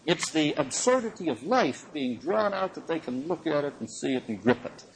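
Animated man teaching from the Bible. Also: normal speed, a little hiss or hum, rough recording. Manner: animated, chuckling, swings pitch for emphasis. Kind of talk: lecture on the Bible.

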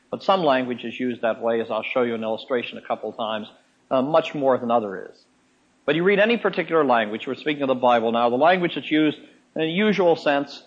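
Male preacher, husky voice, folksy sermon-style teaching with repeated phrases, dull lo-fi recording. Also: medium pitch. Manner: folksy, repeats key phrases, slows down to explain. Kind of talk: sermon-style Bible lesson.

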